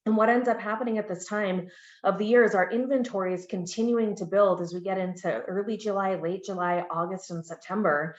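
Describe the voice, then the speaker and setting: A woman presenting real estate market data in a webinar, steady and explanatory. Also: medium pitch, a little fast. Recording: echoey, dull lo-fi audio.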